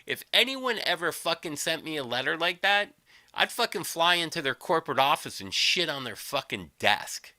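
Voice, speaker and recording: A man ranting on his livestream, combative and sarcastic, with constant swearing. His pitch leaps up and down, and his voice is bright and cutting. The sound is dry and close to the mic. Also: very animated, moderate pace, no echo. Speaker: livestream host. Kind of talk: angry profane rant.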